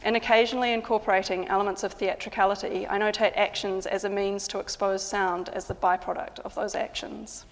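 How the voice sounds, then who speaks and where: A woman composer and sound artist narrating in a calm, measured, matter-of-fact way. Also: mid-range voice, long reverb tail, background noise. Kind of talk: reflective spoken narration.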